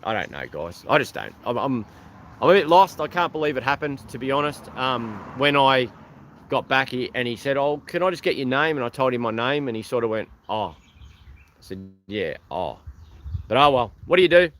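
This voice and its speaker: A man's voice: medium pitch, fairly quick, slight background noise. Rambling Australian man livestreaming outdoors. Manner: rambling, relaxed, thanks viewers by name. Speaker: livestream host. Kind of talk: casual livestream chat. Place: outdoors beside an old truck.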